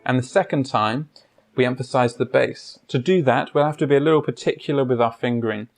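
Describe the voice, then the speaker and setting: A man teaching piano, explaining pedaling, fingering and rhythm in a measured way with pauses and fillers, his words broken up by demonstrations at the piano. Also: medium pitch, gravelly. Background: piano playing.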